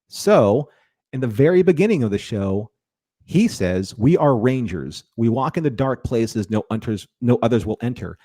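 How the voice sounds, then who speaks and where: A podcast co-host in a casual review discussion rambles, repeats words, and restarts his sentences often. His mid-range voice has a dark tone, is expressive, and moves at a moderate pace, recorded with clean studio sound and no echo.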